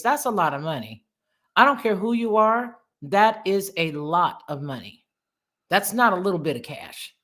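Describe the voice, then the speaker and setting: A woman's voice: lowish voice, big pitch swings, moderate pace, fairly bright tone. A woman hosting a casual live stream, playful and laughing often as she exclaims. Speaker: host.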